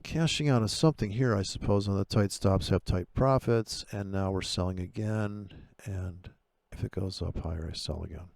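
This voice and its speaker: A fairly low, gravelly male voice recorded close and dry. He rants about trading robots in a sarcastic, exasperated, foul-mouthed way, and his pitch jumps sharply upward when he gets fired up. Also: moderate pace, few pauses, a little mellow, no room sound. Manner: voice jumps far higher when he gets worked up. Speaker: forex trader testing trading robots. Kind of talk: profane ranting commentary over chart playback.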